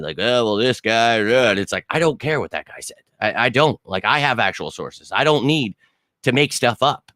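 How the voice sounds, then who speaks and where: A man's voice: medium pitch, a bit bright, no echo. Young man, rambling casual livestream talk, dry close mic. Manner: rambling, blunt, swears casually. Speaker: sports channel host.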